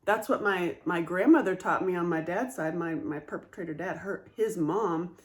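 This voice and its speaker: A woman speaking candidly in a casual monologue as a trauma advocate, animated and swearing freely. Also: on the low side, moderate pace.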